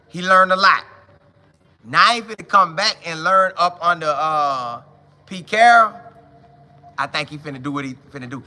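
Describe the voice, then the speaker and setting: A man hosting a casual sports talk show, talking straight to his viewers in an excited, slangy way and repeating his lines for emphasis. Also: sits high, slight background noise.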